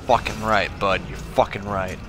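A man's voice: lowish voice, steady tone, normal speed, music in the background. A drunk young man swearing and grumbling his way through a video game, talking to himself as he plays. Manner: swearing, frustrated, muttering to the game. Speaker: gamer streamer. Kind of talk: angry drunk gameplay commentary.

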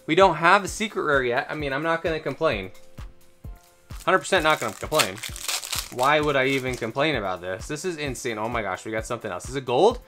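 An excitable unboxing host whose voice swings widely up and down, gasping and rattling off quick counts. The voice sounds slightly strained from all the excitement, and faint music plays underneath. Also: mid-range voice. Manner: excitable, gasping exclamations, breaks into fast counting. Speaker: card-opening channel host.

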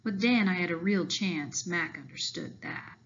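A woman teacher reading a children's novel aloud to her class, expressive and voicing the characters lightly. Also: fairly low pitch, a little slow, gravelly, dull audio.

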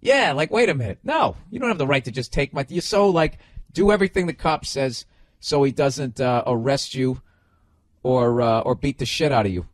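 A man's voice: mid-range voice, normal speed, no room sound, studio quality. A middle-aged man hosting a podcast, telling stories and ranting casually with lots of swearing and loose restarts. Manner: profane, animated, loose storytelling. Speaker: podcast host.

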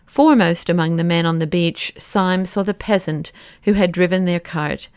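A woman with a smooth, rather low voice reads a classic novel aloud at a measured pace, slowing for the dramatic passages. The recording is dry and close, with no room sound. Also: a little mellow, dry recording. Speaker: audiobook narrator. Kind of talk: scripted narration of a classic novel.

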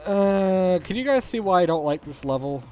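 A man's voice: a little high, big pitch swings, fast talker, darkish tone, faint music behind. Sarcastic rambling man playing a game. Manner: rambling, sarcastic, jokey self-talk. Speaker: let's play host. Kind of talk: gameplay commentary.

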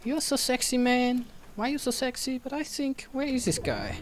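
A woman gaming streamer giving excitable gameplay commentary, with loud outbursts, swearing and jokes. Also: on the high side, moderate pace. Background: background music.

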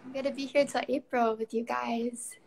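Young woman host, high voice, upbeat chatty painting stream, laughs easy. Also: steady tone, normal speed, creaky, a little mellow. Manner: encouraging, upbeat, laughs often. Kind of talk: casual chat while painting.

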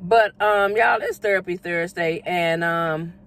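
A woman, chatting casually as a vlogger in an animated, storytelling way. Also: on the low side, a little slow. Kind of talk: casual vlog chat. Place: outdoors at a bus stop, vehicles passing.

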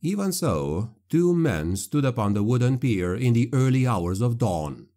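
A man narrating a dark fantasy audiobook in a measured, grave manner. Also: medium pitch, very animated.

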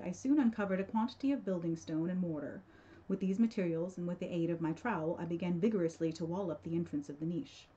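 Woman reading a horror tale, mellow tone. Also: fairly low pitch. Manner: measured, theatrical storytelling. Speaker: library staff reader. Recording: dull lo-fi recording.

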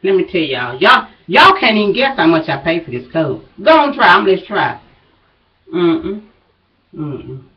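A woman's voice: fairly low pitch, sing-song, unhurried. A woman, out of breath, chatting casually and folksily to her viewers as a vlogger. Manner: chatty, folksy, drawling asides. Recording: dull, distant home recording.

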